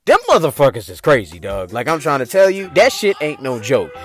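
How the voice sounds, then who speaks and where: A man's voice: mid-range voice, big pitch swings, brisk, no room sound, clean studio sound, faint music behind. A young man from the hosting his own show, telling a profane, laughing story in a casual monologue. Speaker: podcast host.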